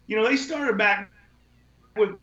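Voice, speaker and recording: A man's voice: sits high, measured pace, crowd noise. A man telling casual stories as a podcast guest, blunt and profane, rambling from one point to the next. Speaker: podcast guest, window cleaning business owner. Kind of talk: casual storytelling. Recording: echoey, dull lo-fi sound.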